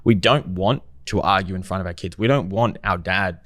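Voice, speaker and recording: A man's voice: sits low, moderate pace, a bit bright, no room sound. A man speaking as a guest on a podcast, talking reflectively and posing rhetorical questions in a casual conversation.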